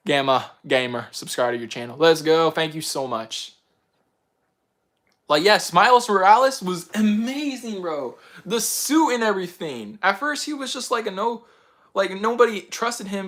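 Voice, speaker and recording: An excitable young man chats casually to his viewers, his voice riding up and down across a wide range. He talks a little high for a man and rambles, peppering every line with "like" and "bro". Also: moderate pace. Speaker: channel host answering viewer picks. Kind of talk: casual chat.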